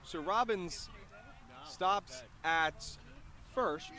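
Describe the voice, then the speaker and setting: High-voiced young baseball play-by-play man. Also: very slow. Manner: excited on plays, chatty between pitches. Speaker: play-by-play announcer.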